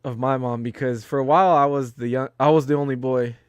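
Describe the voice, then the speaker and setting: A man's voice: mid-range voice, fairly even intonation, fast talker, smooth, dry recording, studio quality. A man co-hosting a casual movie chat, laid-back and laughing often as he mimics lines from films. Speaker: co-host of a movie watch-along.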